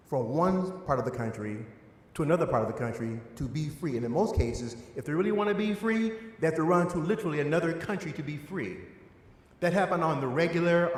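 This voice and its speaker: A man with an Eastern Shore of Maryland accent teaching an adult church class, stressing his points with a voice that climbs and drops for emphasis. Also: fairly high pitch. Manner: emphatic, rising and falling for stress. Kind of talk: adult education lecture. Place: church hall. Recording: echoey hall with long reverb.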